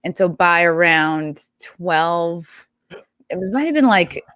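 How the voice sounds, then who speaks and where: Chatty low-voiced young woman, dry sound. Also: expressive, slow pace, a bit bright, dry recording, highs cut off. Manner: chatty, rambling storyteller with fillers. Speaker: podcast guest. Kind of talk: casual talk-show chat.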